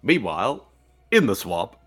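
A man's voice: fairly low pitch, sing-song, a little slow, fairly bright tone, husky, faint music behind. A man co-hosting a casual movie podcast, jokey and laughing often. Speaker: podcast co-host.

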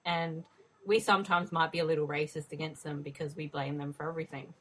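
A woman's voice: low-pitched, flat delivery, quick pace, a loud crowd, rough recording. Woman, podcast host, casual chat, teasing, playful. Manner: playful, laughs often, teasing.

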